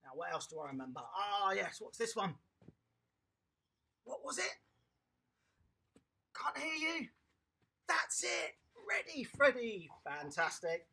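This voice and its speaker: Bright, gravelly coach, upbeat with little kids, outdoor garden lesson. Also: mid-range voice, slow pace, long pauses. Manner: lively, encouraging, praising the children. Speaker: children's tennis coach. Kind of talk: home tennis lesson for young children.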